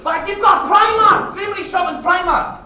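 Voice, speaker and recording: Scottish male comic, high-pitched, brash and sweary, live-club recording with lots of echo and crowd noise. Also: brisk, far from the mic. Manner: loud, sweary, rambling, laughing. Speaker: stand-up comedian and compere. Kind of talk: stand-up comedy set. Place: comedy club stage, live audience. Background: audience laughter.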